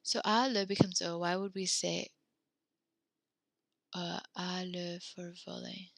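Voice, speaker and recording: A young woman teaching a French class over a video call from home, upbeat and encouraging as she gently corrects her students. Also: on the low side, little pitch movement, takes it slowly, creaky, no echo. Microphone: computer mic on a video call.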